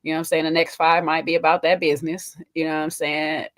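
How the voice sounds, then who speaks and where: A woman's voice: low voice, quick pace. A woman co-hosting a casual reality TV recap, chatting playfully and acting out what the cast members said. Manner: animated, acts out cast members' lines with laughter. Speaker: co-host.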